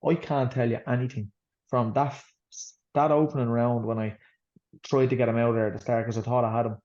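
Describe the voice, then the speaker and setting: An Irish boxer, a guest in an interview, tells his story bluntly and rambles, swearing freely. His mid-range voice is steady, fairly quick and darkish, on a slightly dull lo-fi recording.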